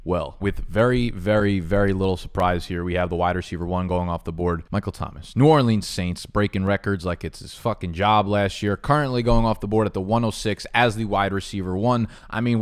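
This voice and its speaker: A man hosting a fantasy football video, talking casually and playfully, swinging between loud bursts and low asides, with frequent swearing. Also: fairly even intonation, a little fast, few pauses, clean tone.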